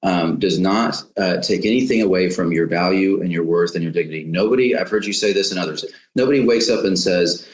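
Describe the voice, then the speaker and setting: A man with a deep, low-pitched voice shares his thoughts in a measured, halting way, often repeating words as he searches for them. His voice carries the noticeable echo of a roomy space. He speaks as a guest in an interview. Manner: halting, many restarts and fillers. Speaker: podcast guest. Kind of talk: reflective interview talk.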